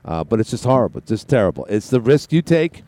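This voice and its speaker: A man's voice: lowish voice, sing-song, mellow. Rambling older male radio host. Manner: rambling, halting, many fillers and restarts; sarcastic, ranting. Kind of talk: casual political talk radio monologue.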